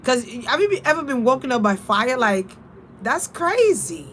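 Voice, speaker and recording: A woman's voice: fairly high pitch, animated, brisk, a bit bright, slight background noise. Blunt, profane woman spiritual reader. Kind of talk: casual spiritual storytelling vlog.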